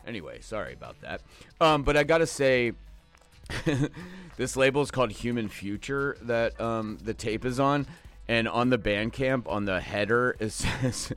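A man's voice: mid-range voice, expressive, measured pace, fairly bright tone. A man hosting a radio show, talking casually and loosely about the records he just played, drifting into jokey asides. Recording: faint music behind the voice.

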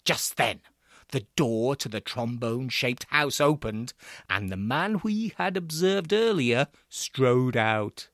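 A man narrating a comic serial story in a deadpan, drily funny manner. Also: mid-range voice, slow, dry recording, studio quality.

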